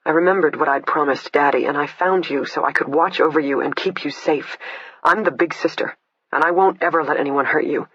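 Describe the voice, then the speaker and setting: A man reading the part of a blunt, swearing woman killer, the narrator's imprisoned older sister, in a husky voice. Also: a little high, fairly quick, bright, forceful tone, no echo. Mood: confessing. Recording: dull lo-fi, dry.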